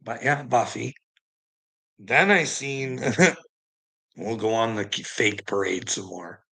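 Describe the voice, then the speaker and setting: A man's voice: on the low side, takes it slowly, creaky, sharp tone, breathy edge, poor audio. A man ranting bluntly and indignantly in a casual monologue, swearing heavily as he talks to his viewers. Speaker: vlogger.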